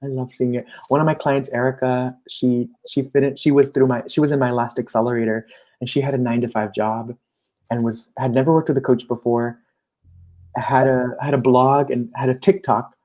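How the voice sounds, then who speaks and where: Casual guy chatting about coaching clients, lively, quotes his clients' voices. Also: medium pitch, a little fast. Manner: animated, acts out clients' voices. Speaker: coach, guest. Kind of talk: casual interview chat.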